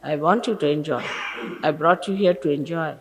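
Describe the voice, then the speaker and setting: A woman's voice: deep voice, moderate pace. A woman, a spiritual teacher, giving an admonishing sermon to her followers in an old archival recording. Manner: scolding, admonishing, emphatic. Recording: old archival recording with long reverb and faint hiss.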